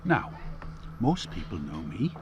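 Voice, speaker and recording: A man voicing a pompous, menacing upper-class English gentleman with a plummy, sneering voice, dropping into hissing whispers. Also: deep voice, wildly swooping pitch, unhurried, highs cut off, voice pushed down, full character voice. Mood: haughty. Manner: swings from bluster to hissing whispers.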